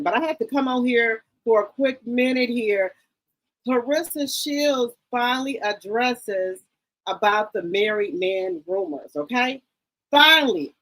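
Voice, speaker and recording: A woman hosting a casual live stream who greets viewers by name with repeated hellos and chats in a gossipy, excitable way. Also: medium pitch, poor audio. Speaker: live-stream commentary host.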